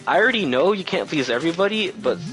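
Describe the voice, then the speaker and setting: A man's voice: a little high, expressive, fast talker, fairly bright tone, faint music behind, poor audio. Exasperated young man ranting, swearing. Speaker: retail worker. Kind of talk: casual storytime rant.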